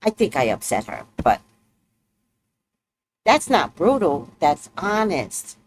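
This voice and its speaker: An outspoken woman hosts a casual livestream chat, blunt and matter-of-fact in what she says. Her pitch swings widely as she tells her stories, and laughter often slips in. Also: measured pace, a little hiss or hum. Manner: animated storytelling with laughs. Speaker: host.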